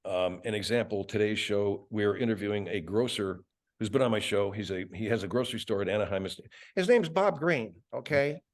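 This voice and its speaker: An older man, a radio host and voice actor, chatting as a guest with animated, profane, laughing storytelling. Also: fairly low pitch, a little fast. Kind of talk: casual interview chat.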